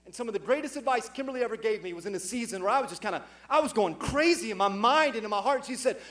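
High-voiced preaching pastor, emphatic. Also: male voice, lively intonation, a little fast. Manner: emphatic preaching, rising loud on key points. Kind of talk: sermon. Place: church sanctuary with congregation.

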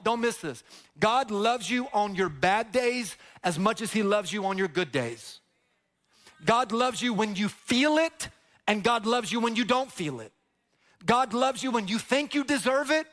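A man's voice: high-pitched, fairly bright tone. A male pastor preaching a sermon, impassioned and repetitive, leading the congregation in call-and-response.

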